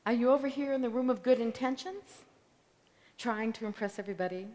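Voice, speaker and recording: A woman preaching a sermon as a story, swinging between loud declarations and hushed whispers. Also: fairly high pitch, a little fast. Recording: long reverb of a large hall.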